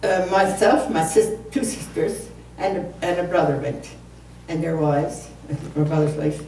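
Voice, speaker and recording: A woman's voice: lowish voice, unhurried, warm tone. A woman in her seventies telling a rambling, humorous story to a live audience at a community concert, laughing at herself as she goes. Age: 70s. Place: community hall. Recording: echoey hall, distant mic, faint room noise.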